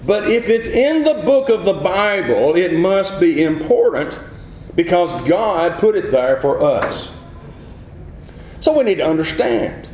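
A man's voice: fairly high pitch, a little mellow, a little hiss or hum. Man preaching a sermon in an echoey room. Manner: earnest teaching, asks the listeners questions, acts out quick replies.

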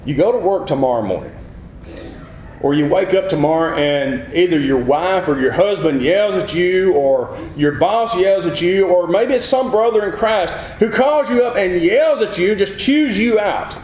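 A man preaching a sermon, teaching earnestly, asking the listeners questions and acting out quick replies. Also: sits high, expressive, a little mellow, echoey room.

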